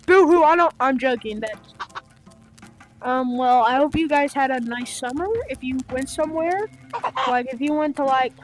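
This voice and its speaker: A young woman hosting a gaming channel chats to her viewers in a rambling, playful way full of fillers. Her voice sits high, and she speaks at a moderate pace with frequent pauses.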